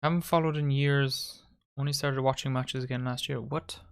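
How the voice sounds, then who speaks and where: A man's voice: medium pitch, fairly even intonation, moderate pace, gravelly, clean tone. A man hosting a live football watchalong, giving casual play-by-play and bantering with his friends and viewers. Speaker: watchalong host. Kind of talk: casual live match commentary.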